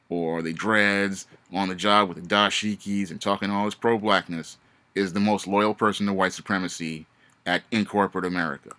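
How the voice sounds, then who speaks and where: A man's voice: fairly low pitch, pushed and bright. A man in a casual vlog monologue, giving emphatic, repetitive warnings with frequent restarts. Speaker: vlogger.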